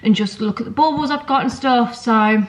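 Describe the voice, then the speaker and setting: A woman's voice: a little high, normal speed, poor audio. Chatty woman vlogging at home. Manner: chatty, storytelling, lots of fillers like um and like. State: sore throat. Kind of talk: casual chat to camera. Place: home kitchen.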